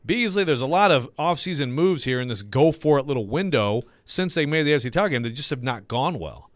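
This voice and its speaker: A man's voice: medium pitch, lively intonation, a little fast, dry recording, clean studio sound. A man co-hosting a sports radio show, chatting casually and rambling with lots of fillers.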